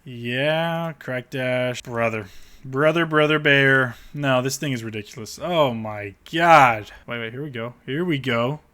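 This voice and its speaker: A man with a bright, forceful voice tears into car listings in a blunt, sarcastic rant. He swears freely and mocks what he reads, talking like a car channel host reacting on camera. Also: medium pitch, a little slow. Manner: blunt, profane, sarcastic ranting. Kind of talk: ranting commentary on car listings.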